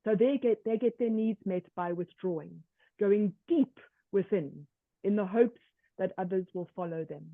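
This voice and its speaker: A woman presenting a workshop lecture in a measured way, often slipping into first-person examples. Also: medium pitch, dry recording. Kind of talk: online lecture. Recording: tinny dry call audio.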